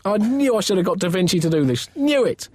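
A man voicing a pompous, exasperated old male Pope who shouts in a high, outraged voice. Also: wildly swooping pitch, unhurried, no echo, clean studio sound, exaggerated voice.

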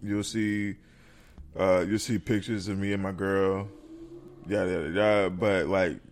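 A man co-hosting a podcast in casual chat, laid-back and quick to agree with his partner. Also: sits low, fairly even intonation, slight background noise. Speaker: podcast co-host.

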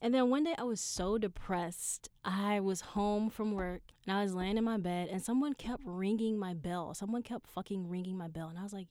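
A woman talks straight into her solo podcast, candid and loose, swearing freely and padding every thought with fillers. Her voice comes through smooth and clean, with no room sound at all. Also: mid-range voice, brisk, darkish tone, no echo, studio quality. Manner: candid, profane storytelling with many fillers. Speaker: podcast host. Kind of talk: casual solo podcast monologue.

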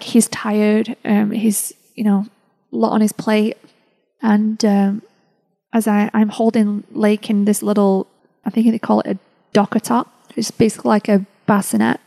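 A woman podcast host telling a personal story in an emotional, halting way, with many restarts. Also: medium pitch, gravelly, dark tone, rough recording.

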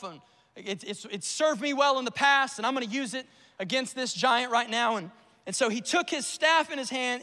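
A man's voice: very high voice, bright, forceful tone, big-room sound. A male pastor preaching a conversational sermon to his church, often repeating words and calling out to the congregation. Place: church sanctuary.

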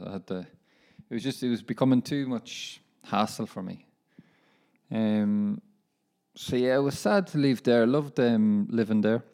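A man's voice: mid-range voice, moderate pace, mellow. A young man hosting a casual solo podcast, chatting in a rambling, self-deprecating way and calling his listeners lads. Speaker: professional footballer and podcast host.

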